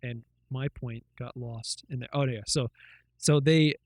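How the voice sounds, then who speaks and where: In a dry recording, a man's mid-range voice stays steady and unhurried. He co-hosts a podcast, chatting casually and retelling events in a loose, rambling style heavy on fillers and profanity.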